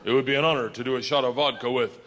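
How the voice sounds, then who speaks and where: A man voicing a solemn, formal train conductor who speaks slowly, on a roomy stage with audience noise. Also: mid-range voice, steady tone, voice pushed down, lightly acted.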